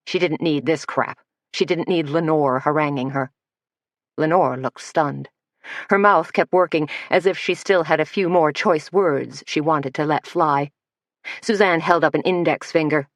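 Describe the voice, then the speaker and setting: A woman narrating an audiobook in a measured storytelling manner. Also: sits low, no echo, studio quality. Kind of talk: scripted narration.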